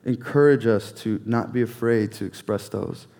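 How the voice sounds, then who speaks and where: A man preaching a sermon in an earnest, measured way, repeating key phrases and sometimes dropping to a near whisper. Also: lowish voice, creaky, warm tone. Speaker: pastor.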